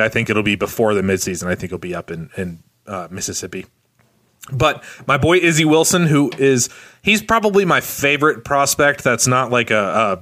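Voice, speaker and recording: A man co-hosting a podcast, talking about baseball prospects with eager, animated fan enthusiasm. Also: mid-range voice. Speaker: podcast co-host. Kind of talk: casual sports chat.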